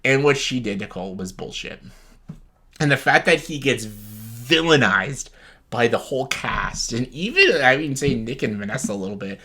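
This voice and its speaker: Young man, vlogger, blunt, sweary, exasperated rant, mid-pitched voice. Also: animated, moderate pace, bright, forceful tone, a little hiss or hum. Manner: blunt, heavily profane, exasperated ranting. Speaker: vlogger reviewing a reality show. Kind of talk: casual ranting commentary.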